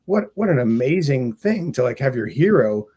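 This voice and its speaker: A middle-aged man, a music teacher, telling a story in earnest, relaxed podcast chat. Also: mid-range voice, moderate pace, husky. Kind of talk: casual chat.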